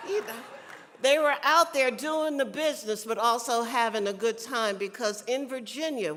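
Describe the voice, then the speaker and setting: Speaking at a convention in a big hall, this Southern-accented South Carolina woman is chatty and teasing, calling out to the audience in a folksy way. Her pitch sits fairly high with a fairly bright tone, and long reverb fills the recording.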